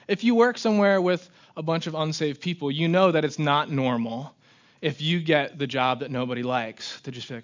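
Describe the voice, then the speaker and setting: A man's voice: fairly high pitch, animated, moderate pace, dull audio. Casual young male youth preacher. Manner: conversational, often asks "right?", acts out grumbling voices. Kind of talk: casual sermon.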